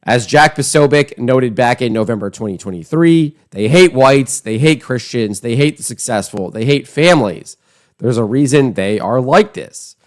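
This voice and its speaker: A man hosting an online political commentary show, talking in a scornful, emphatic, conversational way. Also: mid-range voice.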